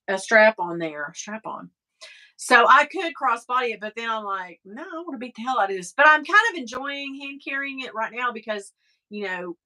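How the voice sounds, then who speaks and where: Chatty Southern woman, bright voice. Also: on the high side. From American South. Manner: chatty, rambling, laughs often, swears casually. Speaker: livestream host reading chat. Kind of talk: casual chat.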